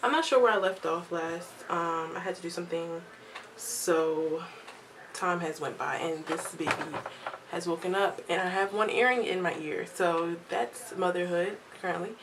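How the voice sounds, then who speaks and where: A young woman telling a casual storytime vlog at home, lively and chatty, acting out what others said. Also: lowish voice, normal speed, background noise. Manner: chatty, animated quoting of others, laughs often. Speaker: vlogger.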